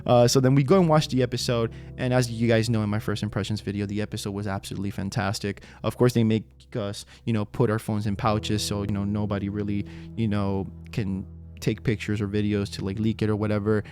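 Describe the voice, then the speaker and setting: A man recounting an event in a casual vlog, excited and rambling, with lots of "you know" and "uh". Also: fairly low pitch, brisk, soft background music. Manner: acts out quotes, whispers an actor's lines. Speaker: video creator recounting an event.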